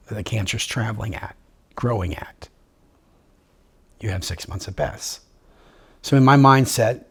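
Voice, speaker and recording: A man living with terminal illness tells his own story in an interview, upbeat and joking, acting out what others said to him. His voice is mid-range and husky.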